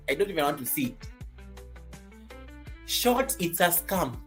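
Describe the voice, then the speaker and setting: A woman from Kenya teaching creators on a live stream, lively and teasing, laughing often. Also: low voice, normal speed, long pauses, soft background music. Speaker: YouTube coach hosting a live stream.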